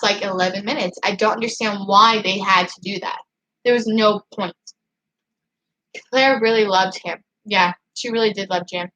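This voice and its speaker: Excitable woman ranting on a livestream. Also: medium pitch, a little hiss or hum, low-quality recording. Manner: excitable and frustrated, heavy use of "like". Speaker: channel host reading live chat. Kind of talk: casual livestream rant.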